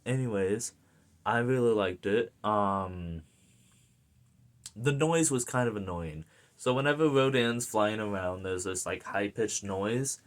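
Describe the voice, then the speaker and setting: A man's voice: lowish voice, slow. An American man giving a casual film review, rambling and enthusiastic, with plenty of fillers and restarts. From United States. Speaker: movie reviewer.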